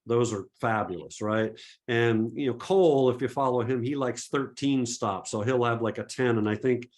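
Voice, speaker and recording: A middle-aged man from Massachusetts with no regional accent, answering audience questions in a relaxed webinar, chatty and full of restarts and fillers. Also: mid-range voice, moderate pace. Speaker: photography presenter.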